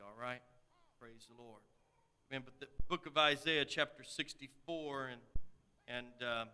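A man preaching a sermon, reading scripture and repeating amen often, building from quiet talk to loud shouted pleading. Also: medium pitch, smooth.

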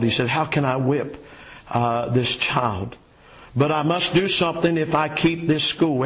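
A man preaching a sermon and reading a story aloud, folksy and unhurried, with many fillers and repeated words. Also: a little high, low-quality recording.

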